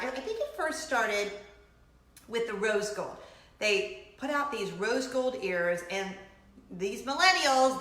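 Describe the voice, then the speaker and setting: Bright, lively woman chatting to camera. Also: medium pitch. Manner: animated, giggly storyteller. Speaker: host of a weekly chat show. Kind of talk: casual chat to camera. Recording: echoey room.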